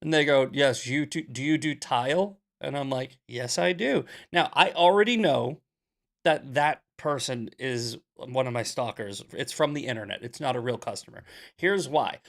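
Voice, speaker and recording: A young adult man hosting a casual commentary show, blunt and sarcastic, telling stories in an animated way. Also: medium pitch, moderate pace, gravelly. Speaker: podcast host. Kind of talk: casual commentary, reading questions.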